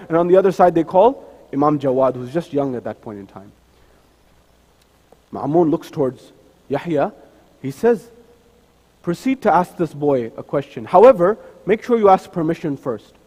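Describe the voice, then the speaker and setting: A man's voice: high voice, darkish tone. A man giving a sermon at a mosque, telling a story and acting out its dialogue. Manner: acts out the dialogue of figures in his story. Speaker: speaker at a mosque. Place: mosque hall. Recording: long hall reverb.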